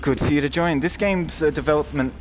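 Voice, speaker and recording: A young man giving live gameplay commentary to his chat, rambling, swearing freely and jumping into loud outbursts. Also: on the high side, a little fast, a little hiss or hum. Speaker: streamer.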